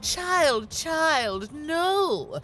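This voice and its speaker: An actress playing a snobbish noblewoman in a video game, affected and drawn-out. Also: high voice, very animated, fairly bright tone, soft background music, exaggerated voice. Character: snobbish noblewoman insisting on titles.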